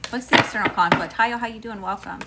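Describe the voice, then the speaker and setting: A middle-aged woman with a Southern US accent gives an emphatic live tarot reading directly to her viewers. Her voice sits at a medium pitch and moves fast, and the recording is very noisy.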